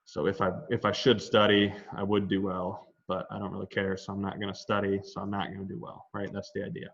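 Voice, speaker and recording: A man's voice: low-pitched, monotone, brisk, creaky. A man teaching a Latin grammar lesson in an online class, explaining in a loose conversational way with asides. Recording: dull lo-fi online class audio.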